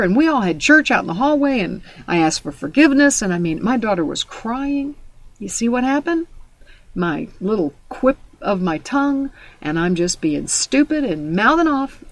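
A woman preaching a sermon, telling personal stories in a conversational way and quoting scripture. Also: mid-range voice. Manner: storytelling, conversational with scripture quotes.

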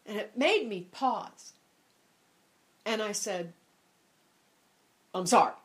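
An older woman telling a personal testimony in an animated, dramatic way, acting out scenes and repeating herself for emphasis. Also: mid-range voice, takes it slowly. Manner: animated, dramatic retelling with many repeats and quoted voices. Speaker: speaker sharing a personal testimony. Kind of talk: personal storytelling.

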